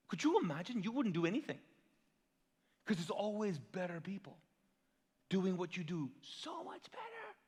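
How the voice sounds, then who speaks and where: Male pastor, high voice, lively sermon delivery full of rhetorical questions, long reverb of a church hall. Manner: animated, asks the congregation rhetorical questions; self-deprecating and playful. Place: church auditorium.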